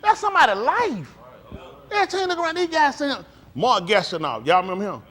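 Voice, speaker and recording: A man's voice: extremely high pitch, big pitch swings, fast, fairly bright tone. A man giving a casual talk to a congregation, blunt and joking, acting out plays as he talks. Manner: blunt, ranting. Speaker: speaker addressing a congregation.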